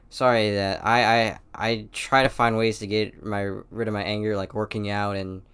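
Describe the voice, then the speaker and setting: Low, smooth-voiced teenage guy rambling. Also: a bit bright, no echo. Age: teens. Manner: rambling and hesitant, with many restarts and apologies. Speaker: podcast host. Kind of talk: casual solo podcast monologue.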